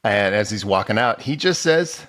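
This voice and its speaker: A man co-hosting a comedy podcast, mocking a TV show in a sardonic, mock-solemn deadpan. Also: on the low side, normal speed. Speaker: podcast co-host. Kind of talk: comedic episode recap.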